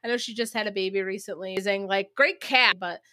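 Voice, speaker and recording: Female podcast co-host, eager casual film talk, bright and close-miked. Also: medium pitch, fast, dry recording. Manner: enthusiastic, chatty, swears casually. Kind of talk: casual chat.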